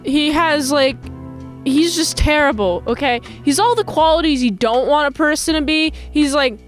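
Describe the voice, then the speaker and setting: A woman's voice: sits high, moderate pace, faint music behind. A young woman recapping and reviewing a TV episode in a casual, rambling, chatty way. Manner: chatty, rambling, lots of fillers.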